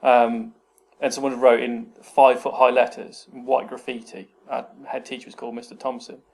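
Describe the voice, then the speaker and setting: Gravelly guy rambling through stories. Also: mid-range voice, little pitch movement, moderate pace, a little mellow. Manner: rambling storyteller, acts out quoted people. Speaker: podcast co-host. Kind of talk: casual chat. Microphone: remote call mic.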